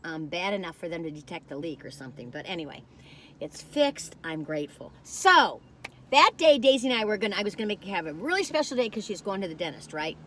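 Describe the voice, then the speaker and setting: A woman's voice: lowish voice, expressive, quick pace, sharp tone, a little hiss or hum. A woman reviewing food in a casual vlog, chatting while she tastes and telling a rambling story that keeps losing its thread.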